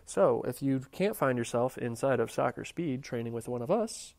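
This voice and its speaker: A man hosting a podcast, opening the episode casually and speaking to listeners in a relaxed, friendly way. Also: mid-range voice, moderate pace, vocal fry. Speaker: podcast host.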